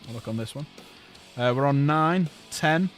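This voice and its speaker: A man chatting casually while painting miniatures on a livestream, chatty and quick to laugh. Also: faint music behind. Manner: chatty, laughs often, jumps in pitch when excited. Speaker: streamer and hobby painter.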